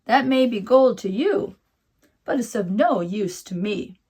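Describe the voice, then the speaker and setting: A woman's voice: a little high, lively intonation, a little slow, dark tone, breathy edge. A woman voicing a grumpy little male leprechaun who grumbles and mumbles to himself, read aloud as a storybook tale. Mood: grumbling. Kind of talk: storybook reading.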